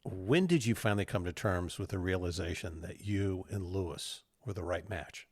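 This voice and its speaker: A man hosting a podcast interview, chiming in with quick agreement and playful ribbing. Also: low voice, breathy edge, dry recording. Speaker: podcast host. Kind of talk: interview questions.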